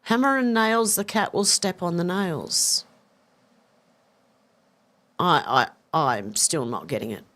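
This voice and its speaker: A woman's voice: fairly low pitch, animated, slow, long pauses, a bit bright. Chatty woman in her fifties. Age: 50s. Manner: chatty, swearing, laughing and confused over a joke. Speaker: livestream host reading chat. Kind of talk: casual live chat.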